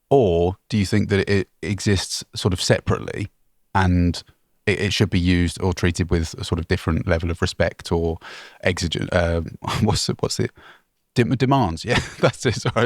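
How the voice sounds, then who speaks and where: A man's voice: low voice, no echo, clean studio sound. A man co-hosting a travel podcast, reading out an article and asking his co-host questions. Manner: reads articles aloud and asks questions. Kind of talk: casual chat.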